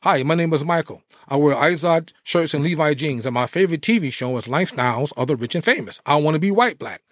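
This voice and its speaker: A man's voice: on the high side, lively intonation, fast, no echo, clean studio sound, lightly acted. A man mimicking a preppy young man who brags about his clothes and status. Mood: mocking.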